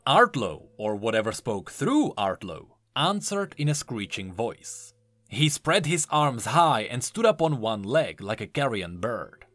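A man narrating a dark story in a scripted, dramatic storytelling style. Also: medium pitch, sing-song, unhurried, no echo. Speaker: lore narrator.

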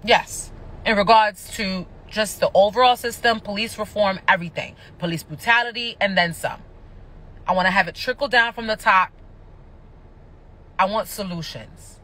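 A woman's voice: medium pitch, moderate pace, a bit bright. A woman ranting on a livestream, passionate, annoyed and cursing, talking indoors at home into a phone. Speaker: reality TV personality going live. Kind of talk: livestream rant.

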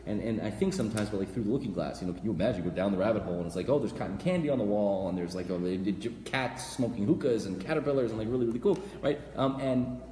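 A man teaching a live class as a rabbi, energetic and blunt, often repeating words. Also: fairly low pitch, quick pace. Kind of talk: animated live lecture. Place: lecture hall, live audience. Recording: echoey hall with faint noise.

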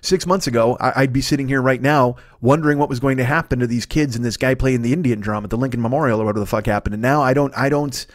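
Fast-talking profane man in his fifties. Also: medium pitch, dry recording, clean studio sound. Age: 50s. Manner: fast profane rambling rant with frequent restarts. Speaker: podcast host. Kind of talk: solo comedy podcast rant.

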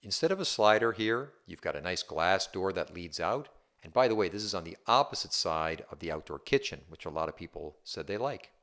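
Low-voiced man giving a home tour. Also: lively intonation, a little fast, fairly bright tone. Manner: upbeat, chatty, keeps asking the viewer "right?". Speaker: real estate agent. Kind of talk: casual home tour walkthrough.

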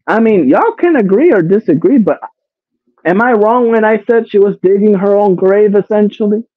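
A commentary streamer with a high, animated voice talks casually to his live chat at normal speed, exasperated and swearing. He repeats himself and keeps firing rhetorical questions at viewers. The audio is dry and tinny like a phone, with no room sound.

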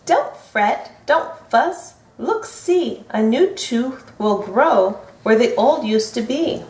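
A woman's voice: on the high side, animated, takes it slowly, a little mellow. A woman reading aloud who voices a little mouse in a raised, soothing tone. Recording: roomy echo from a distant mic.

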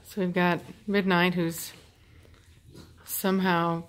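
Woman dog breeder, casual home vlog narration, slightly low pitch, amused and chatty. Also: flat delivery, takes it slowly. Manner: chatty, amused, laughs often. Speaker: dog breeder filming her dogs. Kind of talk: casual running commentary. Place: home with dogs playing nearby.

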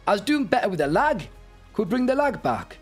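Excitable gamer, high and lively. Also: male voice, a little fast, faint music behind. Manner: excitable, yelps and shouts in panic. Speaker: gaming YouTuber. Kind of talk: gameplay commentary.

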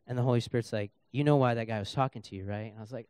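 A man's voice: medium pitch, fast talker, dry recording, studio quality. A young adult man preaching in a church as a guest speaker, telling a personal story and acting out the dialogue. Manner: animated storyteller, acts out dialogue. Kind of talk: sermon with storytelling. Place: church sanctuary.

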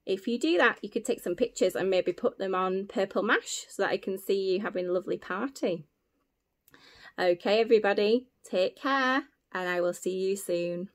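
A woman's voice: mid-range voice, normal speed. A woman teacher reading a picture book aloud to young children, gasping and exclaiming as she goes. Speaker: primary school teacher.

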